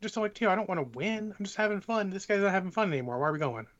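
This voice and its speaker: A man with a somewhat high voice co-hosts a casual podcast and gives swearing advice about keeping games fun. His tone is forceful and bright. The recording sounds dull and lo-fi. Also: expressive, racing. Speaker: podcast co-host. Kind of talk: casual chat.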